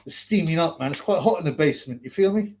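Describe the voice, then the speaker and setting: A man's voice: fairly high pitch, expressive, quick pace, a little mellow, a little hiss or hum. A man hosting a livestream, wearing a mask in a hot basement, ranting crudely and mocking people between laughs. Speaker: livestream host. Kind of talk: profane ranting livestream commentary.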